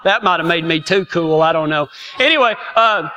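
A man's voice: on the high side, animated, moderate pace, bright, forceful tone, dull audio. A middle-aged man telling a comic personal story in a folksy, self-mocking way, laughing often. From Texas.

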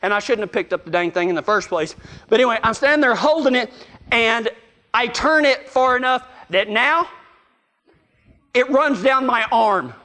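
Folksy preacher man, bright voice. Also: very high-pitched, animated, moderate pace. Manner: folksy, self-mocking, talks to the listeners. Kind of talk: storytelling sermon.

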